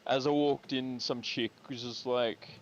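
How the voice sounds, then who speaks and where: A man's voice: medium pitch, fairly even intonation, a little slow, lo-fi sound. A young Australian man streaming, telling a long slangy story with lots of swearing. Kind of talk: casual chat while gaming on stream. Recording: noisy background.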